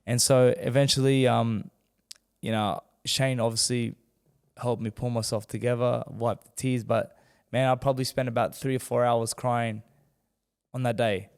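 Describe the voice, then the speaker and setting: A man with a gravelly voice tells a story as a podcast guest, animated and acting out the people he quotes. His voice carries a long reverb from the room around him. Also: mid-range voice, normal speed. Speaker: guest, former world champion boxer. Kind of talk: candid storytelling in a podcast interview.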